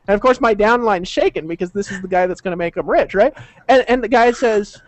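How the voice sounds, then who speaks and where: A man's voice: high-pitched, fast. A man casually telling a story in an online group video chat, rambling, profane and full of repeated words and restarts, heard over a video call. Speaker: network marketer telling a story.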